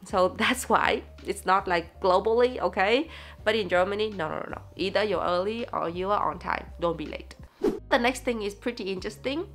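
Vietnamese-accented woman, vlogger, casual chatty delivery, mid pitch. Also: fairly quick, faint music behind. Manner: chatty and lively, laughs often. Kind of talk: casual explainer vlog.

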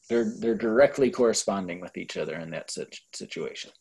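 A man's voice: fairly low pitch, brisk, vocal fry, few pauses, darkish tone, husky. A man tutoring a Spanish class, explaining grammar patiently in a casual way. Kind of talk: online tutoring session.

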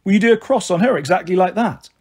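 A casual tattoo-parlour customer from a storybook, voiced by a man reading aloud. He talks in an easy, laid-back way. His voice is husky and a little high. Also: fast, darkish tone. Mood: admiring.

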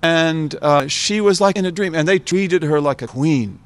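A man's voice: on the high side, normal speed, dry recording. A man in his seventies from the United States, speaking to an audience as a guest scholar, reflective and repeating phrases for emphasis. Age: 70s. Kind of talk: informal talk to an audience.

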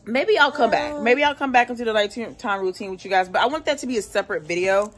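Speaking quickly in a voice on the high side, a young woman vlogs casually to her phone camera. She's a single mom working from home, talking candidly and swearing now and then, filmed in her laundry room and around the house.

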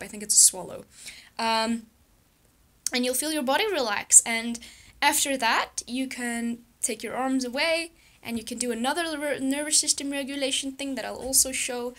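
A young woman in a casual vlog, talking softly and reflectively, with frequent laughs and a gentle self-soothing manner. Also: on the high side, fairly quick. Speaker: YouTuber.

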